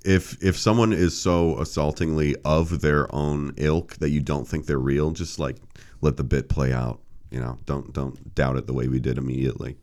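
A man's voice: extremely low pitch, fairly even intonation, moderate pace, a little mellow. A man co-hosting a podcast, telling crude, riffing stories in casual chat. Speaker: podcast co-host.

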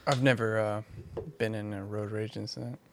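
A man's voice: lowish voice, little pitch movement, moderate pace, background noise. A man telling a story in casual chat, laid-back and swearing casually.

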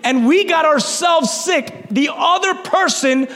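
Fervent high-voiced male preacher. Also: takes it slowly. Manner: fervent, rising to shouts, then self-mocking asides. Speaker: pastor. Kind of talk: sermon. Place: church hall. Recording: long reverb of a large hall.

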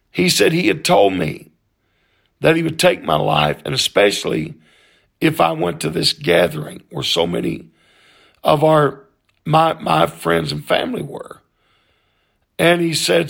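A man telling a personal story in a slow, halting, earnest way, with frequent pauses. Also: fairly high pitch, animated, creaky, a bit bright.

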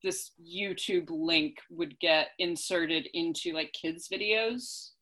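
A young woman from upstate New York, co-hosting a casual chat and telling stories in an animated way. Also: on the low side, slow. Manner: chatty, animated storytelling with laughs.

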